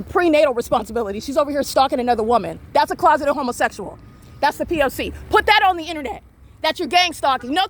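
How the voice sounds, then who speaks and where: A woman's voice: sits high, a bit bright. A woman filming herself in public, delivering an accusatory, repetitive rant as confrontational self-filmed commentary. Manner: accusatory, repetitive, rapid ranting.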